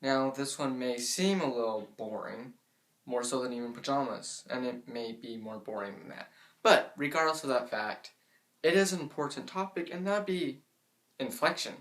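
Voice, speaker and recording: A young man giving casual advice in a vlog. He admits he tends to speak in a monotone, and he fills his talk with "I mean" and "like". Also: mid-range voice, normal speed. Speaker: vlogger giving tips.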